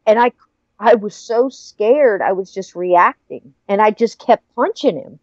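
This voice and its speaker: A woman's voice: medium pitch, unhurried, a little mellow, no room sound. A middle-aged woman in casual chat, animatedly telling a story with frequent laughter. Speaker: podcast guest. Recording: dry, muffled lo-fi audio.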